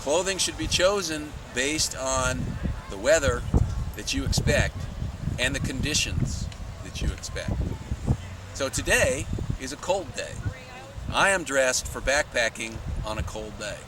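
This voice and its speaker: A man's voice: mid-range voice, animated. Man giving outdoor gear advice, distant and windy. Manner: measured, plain, deliberate explaining. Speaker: scout backpacking instructor. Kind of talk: outdoor instructional talk. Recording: distant mic outdoors, loud wind and traffic noise.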